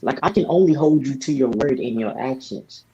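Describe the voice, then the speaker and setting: A man's voice: mid-range voice, expressive, moderate pace, mellow. A man venting with frustrated, profane talk as a podcast co-host. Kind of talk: casual podcast chat. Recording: dull lo-fi audio with faint noise.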